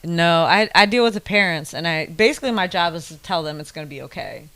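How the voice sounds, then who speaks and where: A woman chatting as a guest on a podcast, speaking in a calm, reassuring, amused way. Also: on the low side, fast talker, smooth, no room sound, rough recording. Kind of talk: casual chat.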